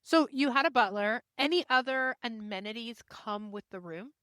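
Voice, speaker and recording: A woman hosting a podcast, chatting casually and asking curious questions with quick interjections. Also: on the high side, a bit bright, no room sound. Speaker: podcast host.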